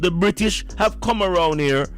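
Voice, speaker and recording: A man's voice: high-pitched, moderate pace, fairly bright tone. A man hosting an impassioned call-in radio show, preachy and fervent, often repeating words as he gets worked up.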